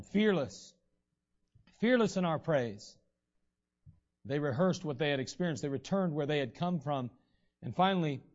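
In a dull, lo-fi recording, a man with a fairly high, slightly mellow voice delivers a sermon. He keeps it conversational and gives voice to the people he quotes.

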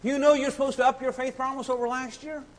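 A man preaching a sermon, impassioned and repetitive, swinging between shouts and hushed pleading. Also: extremely high pitch, flat delivery, fast talker, a little hiss or hum, poor audio. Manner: sings hymn lines briefly.

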